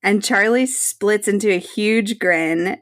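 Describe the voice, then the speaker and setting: A woman co-hosting a podcast, recapping a TV episode in casual chat, animated and laughing often. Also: mid-range voice, slow pace. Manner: animated, laughs often, reads out her notes. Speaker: podcast co-host.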